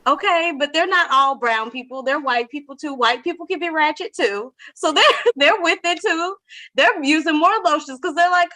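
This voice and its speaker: Bright high-voiced woman telling a story. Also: moderate pace. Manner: animated storytelling with laughter. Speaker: podcast host. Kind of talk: casual chat. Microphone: video call.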